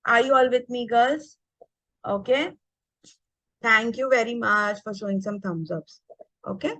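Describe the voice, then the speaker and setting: Lively, bright-voiced teacher. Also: female voice, a little high, a little slow, dry recording, rough recording. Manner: energetic, checks in often with "okay?". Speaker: teacher trainer. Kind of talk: online teacher workshop. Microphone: video call.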